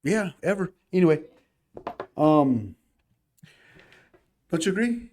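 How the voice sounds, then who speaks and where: A man's voice: on the high side, lively intonation, slow, a little mellow, slight background noise. A man co-hosting a podcast, telling a personal story in casual chat, earnest and emphatic, often calling the listeners y'all. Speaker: podcast co-host.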